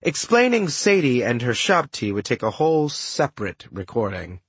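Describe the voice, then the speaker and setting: A man narrating a first-person audiobook, telling the story lively with wry asides. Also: mid-range voice, normal speed, slightly rough, no echo.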